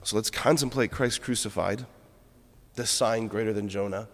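A man's voice: on the low side, steady tone, normal speed. A man, a Catholic priest, giving an earnest, reflective homily and weaving in a personal story. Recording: long reverb of a church.

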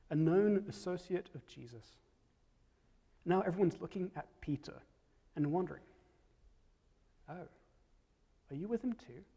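Husky preacher in an echoing hall. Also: male voice, high-pitched. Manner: reflective, drops to soft at key moments. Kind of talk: storytelling sermon.

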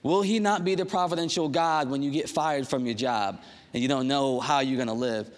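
A young man, a pastor, preaching a casual sermon in a church, telling personal stories in a conversational, animated way with quick asides. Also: mid-range voice, long reverb tail.

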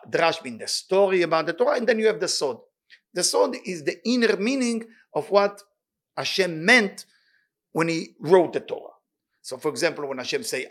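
A man teaching a weekly Torah class who reads Hebrew quickly and then translates it into plain talk, with an animated, excitable delivery. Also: on the high side.

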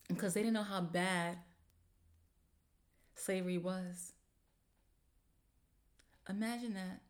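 Lower-voiced woman ranting on her podcast. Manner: animated, exasperated, swears freely; slangy informal speech. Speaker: podcast host. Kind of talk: casual solo podcast rant.

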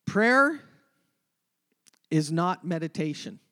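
A man preaching a sermon, emphatic, moving between loud passages and hushed ones. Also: fairly high pitch, sing-song, takes it slowly. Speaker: pastor.

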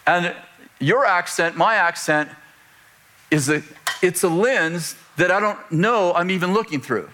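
A man's voice: high-pitched, expressive, a little slow, pushed and bright. An older man preaching a sermon to a congregation, in a conversational style with joking asides and chuckles. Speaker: pastor. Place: church before a congregation.

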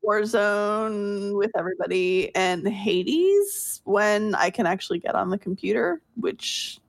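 A woman's voice: mid-range voice, expressive, slow, vocal fry, dry recording. A middle-aged woman co-hosting a gaming podcast, giggly and teasing. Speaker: podcast co-host. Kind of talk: casual podcast chat.

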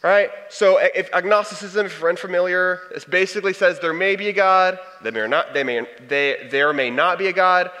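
Young male storyteller, high bright voice, big reverberant hall. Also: brisk, few pauses. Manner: animated, conversational storytelling with acted quotes. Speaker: speaker sharing testimony. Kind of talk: storytelling talk to an audience.

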